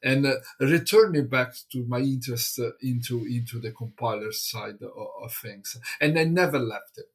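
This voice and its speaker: A man from Italy, an English speaker, chats as a guest in a hesitant, halting way, full of fillers and restarts. His voice is husky and a little breathy. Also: medium pitch. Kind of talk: casual conversation.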